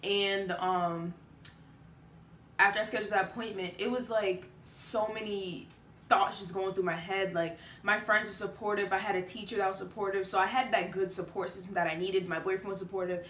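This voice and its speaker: A woman's voice: mid-range voice, steady tone, moderate pace, a bit bright, roomy sound, slight background noise. A late-teen woman telling a personal story to the camera, chatty and casual with many fillers. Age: late teens. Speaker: vlogger.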